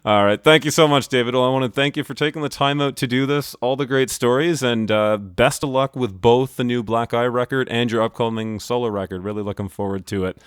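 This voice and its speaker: A man hosting a music interview, friendly and enthusiastic, quick to laugh. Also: mid-range voice, clear, resonant tone, no room sound, clean studio sound. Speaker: podcast host. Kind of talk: casual interview.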